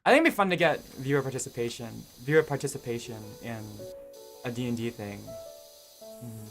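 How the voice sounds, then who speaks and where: A young man talks casually to his live-stream audience, hesitating and restarting his sentences often. His voice sits at an ordinary middle pitch. Faint music plays underneath. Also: lively intonation, fairly quick. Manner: rambling, hesitant, many fillers and restarts.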